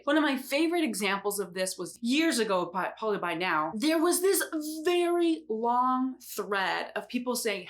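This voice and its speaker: A woman with a fairly high voice teaches in a casual, upbeat vlog. She talks expressively and slips into playful voices when quoting confused learners. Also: very animated, moderate pace. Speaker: sign language teacher.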